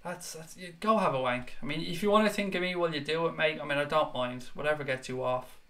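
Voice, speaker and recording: Speaking fast in a slightly high, somewhat bright voice, a young male host runs a live fan chat show. He chats loosely with his audience and reads out their comments in a blunt, sweary manner.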